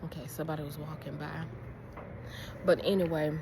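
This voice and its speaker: Low-voiced woman vlogging in a park. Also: steady tone, fairly quick, noisy background. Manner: rambling, repeats herself, drops to a whisper when people pass. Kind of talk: casual vlog talk to camera. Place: outdoors in a park.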